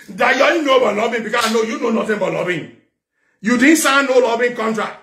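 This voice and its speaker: A man rants on his talk show, with a high-pitched voice. He keeps repeating his challenges and shouts at times. The sound is echoey, as if recorded in a bare room. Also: quick pace. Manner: fiery, repetitive, shouting at times. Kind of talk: angry political rant.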